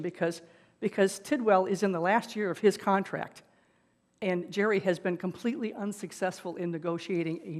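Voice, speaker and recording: A woman pastor preaching a sermon, retelling a film scene in an animated storytelling manner. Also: mid-range voice, big-room sound. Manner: animated, rising and falling in loudness.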